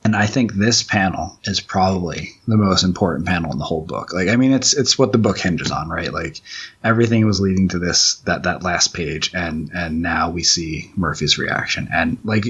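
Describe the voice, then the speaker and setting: A man with a very deep, husky voice walks through his comic page by page. He rambles and stops to restart sentences, thinking out loud in a loose, casual way. The recording sounds a bit dull and muffled. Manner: rambling, halting, many restarts and fillers. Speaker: comic book writer. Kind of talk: commentary track, casual chat.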